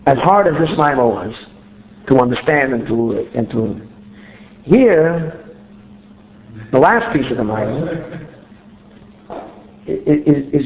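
A man teaching a religious text step by step, often asking himself questions and repeating words as he searches for the next one. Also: a little high. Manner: explains step by step, asks himself rhetorical questions. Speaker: Torah teacher. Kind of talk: text study lecture. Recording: tinny phone-line sound in a roomy space.

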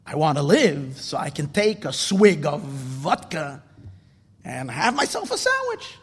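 A man's voice: fairly high pitch, huge pitch swings, a little slow, a bit bright, breathy edge, in a large hall, exaggerated voice. A man voicing an easygoing coachman who answers bluntly and contentedly. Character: easygoing coachman who loves vodka and food.

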